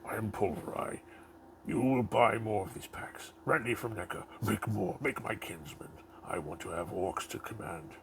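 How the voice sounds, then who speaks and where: A man voicing a bossy male orc high chief toy in a hushed, menacing whisper. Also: normal speed, creaky, noisy background. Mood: commanding.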